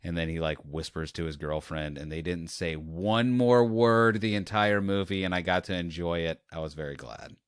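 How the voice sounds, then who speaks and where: A man hosting a casual podcast chat, telling stories in an animated way and acting out scenes. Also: low-pitched, normal speed, hardly any pauses, clean tone, dry recording, clean studio sound. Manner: animated storyteller, acts out scenes. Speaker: podcast host.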